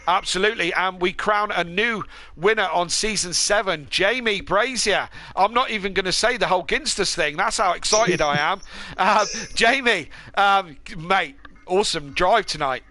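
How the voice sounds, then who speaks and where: Guy hosting a race stream, high sharp voice, lots of ums, keen. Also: normal speed. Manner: chatty, filler-heavy, enthusiastic. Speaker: race broadcast host. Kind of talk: post-race interview commentary.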